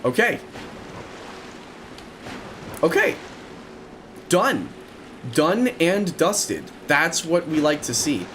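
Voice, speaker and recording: Young man, gaming commentary, lively swooping voice, repeats words in bursts, faint game noise behind. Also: fairly high pitch, slow pace. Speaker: gaming streamer. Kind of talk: let's play commentary.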